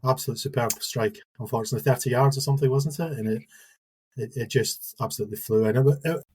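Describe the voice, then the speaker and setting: A man's voice: mid-range voice, quick pace, a little mellow, slightly rough, poor audio. A man on a football podcast, casually reminiscing and agreeing with the others. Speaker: podcast co-host.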